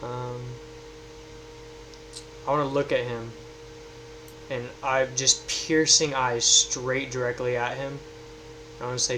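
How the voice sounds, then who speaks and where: Slow, deliberate man at a game table. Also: mid-range voice, level tone, bright, forceful tone, slight background noise, low-quality recording. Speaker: player. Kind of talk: tabletop role-play, in character at times.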